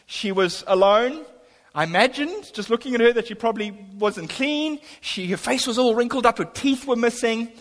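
High-voiced preacher in a reverberant hall. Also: male voice. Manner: storytelling, emphatic, swings between loud and hushed. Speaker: pastor. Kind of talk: sermon.

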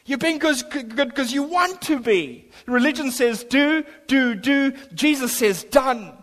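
A man's voice: extremely high pitch, animated, a little slow, a bit bright. Impassioned preacher man in a reverberant hall. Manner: impassioned preaching, voice swelling on key lines. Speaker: pastor. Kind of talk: sermon.

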